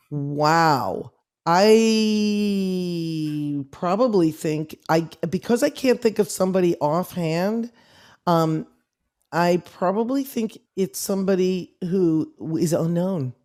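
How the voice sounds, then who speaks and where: Mellow-voiced woman guest on a video call. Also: lowish voice, lively intonation, slow pace. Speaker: guest musician. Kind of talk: reflective interview talk.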